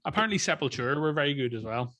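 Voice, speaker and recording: A man in a casual chat as co-host, making quick jokes and swearing freely. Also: fairly high pitch, expressive, sharp tone, a little hiss or hum. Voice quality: joking, fast quips, casual swearing. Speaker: co-host, metal musician.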